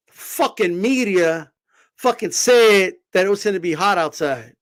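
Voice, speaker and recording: A man talking boxing in a casual vlog, animated and swearing, rambling with lots of fillers. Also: high-pitched, a little slow. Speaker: boxing commentator.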